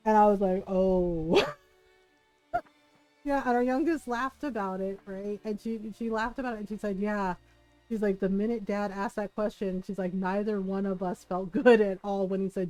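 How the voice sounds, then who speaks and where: A woman's voice: mid-range voice, moderate pace, faint music behind, low-quality recording. A middle-aged woman streamer casually telling a long family story, rambling and acting out the people she quotes. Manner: rambling, quotes people in animated voices, frequent laughs.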